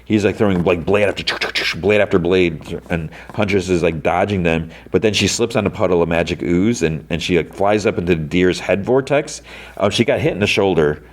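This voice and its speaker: A man with a very deep, low voice talks through an episode recap in a loose, casual way. He rambles and leans on "like" and "um" as he goes, like a podcast host chatting. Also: fairly quick. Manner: rambling, heavy on "like" and "um" fillers.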